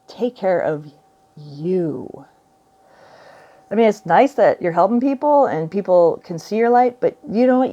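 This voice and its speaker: A woman in her forties with a low, mellow voice muses in a meandering vlog, laughing often and drifting off mid-thought. The sound is dull and lo-fi. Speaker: vlogger. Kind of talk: rambling spiritual musing to camera. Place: indoors at home by a window.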